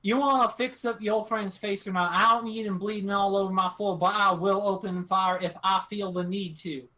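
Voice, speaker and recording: A gruff, suspicious backwoods woman holding a gun, as a man voices her, with a threatening folksy drawl. Her voice rides high and bright, with a hard edge. She is a figure in a tabletop role-playing game. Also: fairly even intonation, normal speed. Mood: commanding.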